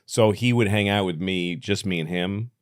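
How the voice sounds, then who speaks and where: A man's voice: low-pitched, normal speed, smooth, no echo, studio quality. A man in his fifties from the United States, a podcast guest telling blunt, profane childhood stories in casual chat. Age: 50s.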